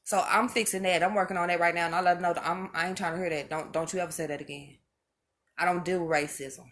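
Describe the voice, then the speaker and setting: A woman's voice: lowish voice, fairly even intonation, fast, fairly bright tone. A mother speaking straight to her viewers in an impassioned monologue, emphatic and preachy, hammering home each point by repeating it.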